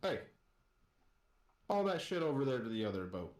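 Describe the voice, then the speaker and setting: A man voicing a gruff, foul-mouthed male pirate captain who snaps crude insults in a roomy, echoey recording. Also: mid-range voice, big pitch swings, moderate pace, darkish tone, voice pushed up, natural voice. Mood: angry. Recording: roomy echo.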